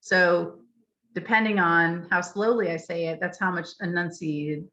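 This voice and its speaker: A woman trainer teaches a session over a video call, walking through her points patiently and sounding out example phrases. Her voice sits a little low, with plenty of ums along the way. The computer audio is dull and lo-fi. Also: fairly even intonation, unhurried, fairly bright tone. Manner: explanatory, frequent ums, demonstrates pronunciations aloud. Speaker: literacy trainer.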